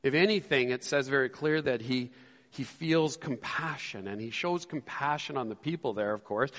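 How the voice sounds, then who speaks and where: A man preaching a sermon as a pastor, animated and acting out the disciples' lines. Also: fairly high pitch, big-room sound.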